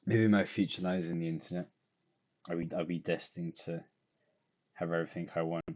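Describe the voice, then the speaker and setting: A man's voice: low-pitched, fairly even intonation, fairly quick, a little mellow. A tired young man, rambling and self-deprecating as he talks through his drawing in a casual video diary. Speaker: vlogger.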